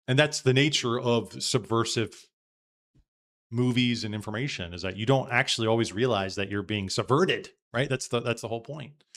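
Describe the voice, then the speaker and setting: A man's voice: mid-range voice, fairly bright tone. A man hosting a live podcast, thinking aloud in a casual, rambling way with frequent restarts. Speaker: podcast host. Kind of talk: casual live-stream commentary.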